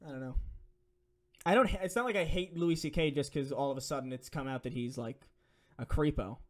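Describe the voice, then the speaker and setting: A man's voice: a little high, brisk. A young man streaming, reading donation messages and answering viewer questions in a rambling, profane, filler-heavy way. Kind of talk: casual live-stream Q&A.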